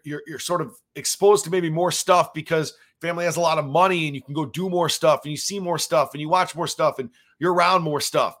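A man's voice: fairly high pitch, bright, forceful tone. A man hosting a solo podcast, talking casually and rambling with plenty of fillers as he shares his reactions as a father. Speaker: podcast host.

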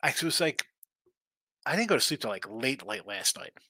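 A man's voice: a little high, sing-song, normal speed, creaky, pushed and bright, dry recording. A man hosting a sports betting live stream, tired and yawning, rambling through picks and reading viewer chat aloud. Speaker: sports betting show host.

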